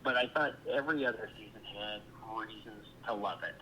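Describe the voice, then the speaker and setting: Bright-voiced man reflecting on his past work. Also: lowish voice, fairly quick, slight background noise, low-quality recording. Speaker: actor guest. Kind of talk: interview answers.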